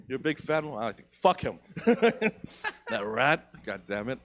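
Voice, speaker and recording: A young man working through a stand-up set on a theatre stage, swearing freely and rambling with self-mocking asides. His pitch sits in the middle, and he speaks into a handheld mic. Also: unhurried, fairly bright tone. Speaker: stand-up comedian. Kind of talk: stand-up comedy.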